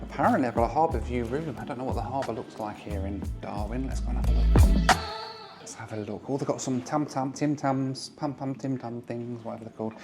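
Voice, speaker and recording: A man in his thirties talks straight to the camera in an easy, upbeat travel-vlog manner. He is chatty and casual, and soft music runs underneath his voice. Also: medium pitch, quick pace, few pauses. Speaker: travel vlogger.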